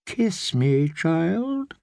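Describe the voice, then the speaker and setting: A mysterious old priest who speaks softly and slowly, weighing every question, as a man voices him in an audiobook. The delivery is unhurried, and the close recording has almost no room sound. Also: on the high side, very animated, vocal fry, dry recording, heavily acted. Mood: solemn. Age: older. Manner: slow, quiet, measured questioning. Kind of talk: audiobook character voice.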